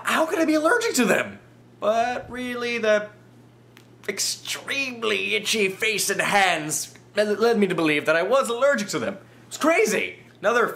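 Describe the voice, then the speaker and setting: Male vlogger, comic storyteller; slightly high voice, very lively and exaggerated delivery. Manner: animated and exaggerated, swings from low mumbles to excited high bursts.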